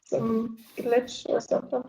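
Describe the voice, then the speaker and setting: A woman's voice: fairly high pitch, completely flat delivery, unhurried, vocal fry, mellow. A woman co-hosting remotely over a call, teasing and joking with the others. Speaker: co-host joining remotely. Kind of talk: casual live-stream banter. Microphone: remote call audio. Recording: echoey, dull remote call audio.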